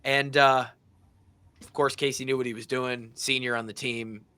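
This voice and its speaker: A podcast host in his thirties tells a story casually and with animation, putting on voices for the people in it. He speaks at normal speed in a smooth, mid-range voice.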